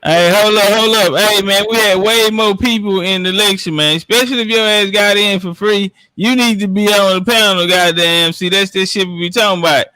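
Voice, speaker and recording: A man's voice: sits high, fairly even intonation, a little fast, few pauses, pushed and bright, dry recording, clean studio sound. Brash trash-talking man. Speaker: podcast panelist. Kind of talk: boastful casual chat.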